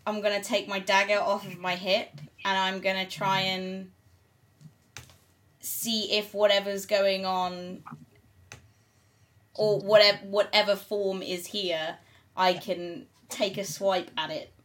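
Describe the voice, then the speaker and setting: A woman's voice: medium pitch, level tone, slow, fairly bright tone. A woman playing a tabletop game, casual and playful as she describes her character's actions. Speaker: player.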